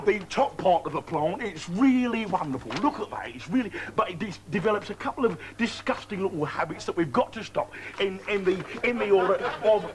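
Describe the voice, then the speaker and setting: A man impersonating an excitable bearded TV botanist in a comedy sketch, gushing and repeating himself. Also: high voice, a little fast, few pauses. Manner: gushing, keeps repeating 'really wonderful'. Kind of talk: live children's TV comedy sketch. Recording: noisy live studio with loud audience.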